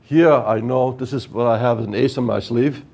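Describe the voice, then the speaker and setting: A man's voice: medium pitch, fairly even intonation, moderate pace, vocal fry, a little mellow. A man giving a workshop lecture on project management, explaining step by step and often checking with "right?". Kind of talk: technical lecture at whiteboard.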